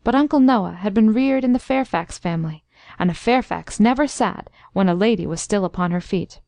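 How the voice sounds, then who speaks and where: A woman narrating a classic story in a steady, even storytelling voice. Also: medium pitch, a little fast, no room sound, studio quality. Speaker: audiobook narrator.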